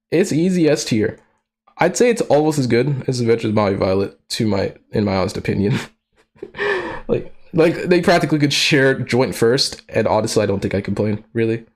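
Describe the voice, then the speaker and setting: A streamer giving casual live commentary, slangy and profane, who laughs often and breaks into excitable outbursts. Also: medium pitch, moderate pace.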